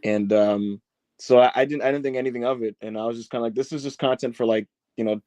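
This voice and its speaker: A man co-hosting a wrestling podcast, telling stories in casual chat and loudly mimicking other fans. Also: medium pitch, fast, no echo. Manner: animated storyteller, loud impressions of fans. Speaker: podcast co-host. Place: in Newark.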